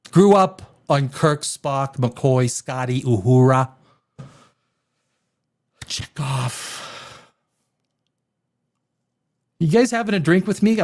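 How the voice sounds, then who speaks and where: A man with a high, very lively voice hosts a casual live show. He rants crassly and excitedly, and his pitch swings all over as he talks. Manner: excitable, crass, laughs often. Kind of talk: casual ranting live-stream commentary.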